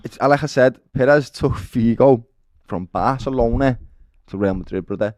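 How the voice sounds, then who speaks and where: A man's voice: medium pitch, moderate pace, darkish tone, no room sound, clean studio sound. A man with a Liverpool accent co-hosting a football fan show, talking emphatically and passionately and often calling people "lad" and "brother". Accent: Liverpool (Scouse). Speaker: football fan-channel co-host. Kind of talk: animated football fan discussion.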